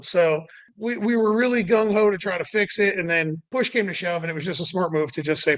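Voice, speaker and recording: Bright-voiced man telling race stories. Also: a little high, normal speed, rough recording. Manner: animated, acts out quotes, many fillers like "like". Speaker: race car owner and guest. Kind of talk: casual storytelling interview.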